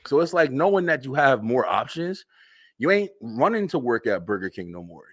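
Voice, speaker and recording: This is a young male web-show host telling comedic stories casually, at normal speed and without echo. He's lively and foul-mouthed, laughs frequently, and pitches up when excitement hits.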